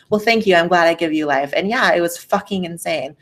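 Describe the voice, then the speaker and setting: A woman hosts a casual livestream and reads viewer messages aloud in a blunt, profane, sassy way. Her voice sits a little low. Her microphone is faulty and keeps cutting out. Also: a little fast, few pauses, fairly bright tone. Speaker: livestream host. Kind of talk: casual livestream chat, reading super chats.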